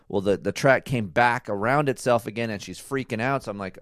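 A man's voice: medium pitch, a little fast, hardly any pauses, no room sound, clean studio sound. A man in his thirties co-hosting a casual chat, telling a story animatedly and swearing freely. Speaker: co-host of a couple's talk show.

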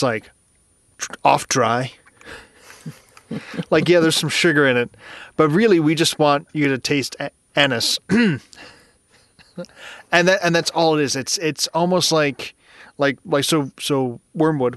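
A man's voice: mid-range voice, fairly bright tone, no room sound. Casual male podcast co-host, rambling, giggly, close dry sound. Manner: rambling, laughs often, stumbles and restarts. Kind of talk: casual chat.

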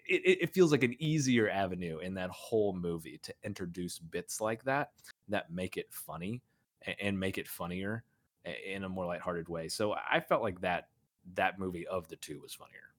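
Deep-voiced man rambling about movies. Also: dry recording, studio quality. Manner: rambling, lots of fillers, laughs often. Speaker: podcast co-host. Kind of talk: casual film discussion.

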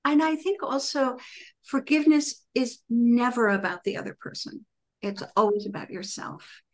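A middle-aged woman, a composer, telling personal stories in an interview and acting out her own past words with lively emphasis. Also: fairly high pitch, normal speed. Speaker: composer and author, guest. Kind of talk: conversational interview storytelling.

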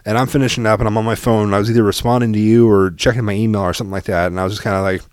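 Brief: middle-aged male co-host, quick and profane, dry close sound. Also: fairly low pitch, clear, resonant tone, dry recording. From Oregon, US. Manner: profane, animated, lots of fillers. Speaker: podcast co-host. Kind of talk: casual storytelling chat.

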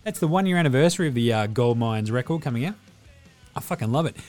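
A man's voice: medium pitch, fast, soft background music. A man with an Australian accent hosting a podcast, signing off in a casual, sweary, matey way. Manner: swears freely, matey and energetic. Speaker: podcast host.

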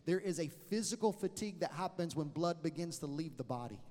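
Lively storytelling male preacher. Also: on the high side, brisk. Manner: lively, joking, acts out dialogue. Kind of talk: sermon with storytelling. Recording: reverberant hall.

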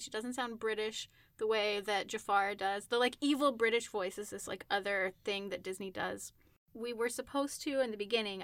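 A woman's voice: medium pitch, fairly bright tone, no echo. A woman chatting as a guest in a casual discussion, talking in rambling asides and laughing often.

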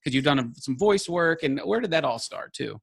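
Male interview host, higher voice, friendly, stacks questions. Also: expressive, a little fast, gravelly, a bit bright, husky. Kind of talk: casual interview.

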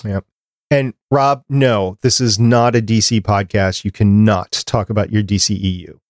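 A man's voice: lowish voice, steady tone, normal speed, no echo, clean studio sound. A man hosting a podcast, chatting casually and reading listener feedback aloud. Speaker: podcast host.

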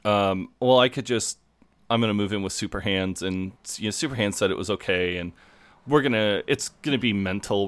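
Male co-host, lowish voice, dry close sound, swears and laughs while retelling scenes. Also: fairly bright tone, smooth, dry recording. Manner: laughing, swearing storyteller who acts out quotes. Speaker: podcast co-host. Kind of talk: casual chat recapping a TV episode.

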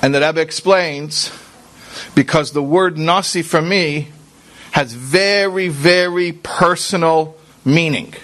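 A man's voice: on the high side, slow, a bit bright. A man giving an earnest, conversational sermon as a rabbi, talking straight to his listeners and mixing in Hebrew and Yiddish religious terms. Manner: earnest, talks straight to listeners with rhetorical questions. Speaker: rabbi giving a Torah class.

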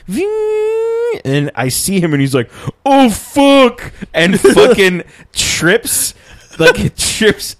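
A man's voice: fairly high pitch, no room sound, studio quality. A man co-hosting a casual podcast, telling a story in a rambling way, swearing often and laughing as he goes.

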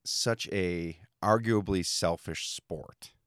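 A man's voice: deep voice, slow, fairly bright tone, smooth, no echo, studio quality. A man hosting an interview, asking thoughtful questions while searching for his words. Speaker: podcast host.

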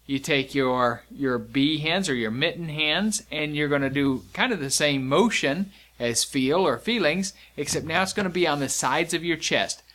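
A man's voice: fairly high pitch, moderate pace, few pauses, fairly bright tone. A man teaching sign language vocabulary, explaining each sign step by step in a patient, demonstrating way. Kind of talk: instructional lesson.

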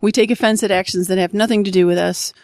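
A woman's voice: mid-range voice, fairly even intonation, fast, darkish tone, no room sound, clean studio sound. A woman sharing her first recovery meeting on a podcast, speaking reflectively with frequent small restarts. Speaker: Al-Anon member sharing her story.

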